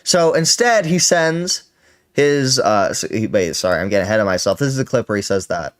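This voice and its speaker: A man's voice: on the low side, expressive, a little fast. Profane, rambling male streamer. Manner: profane, rambling, self-correcting. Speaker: streamer hosting a reaction show. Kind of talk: casual commentary on clips.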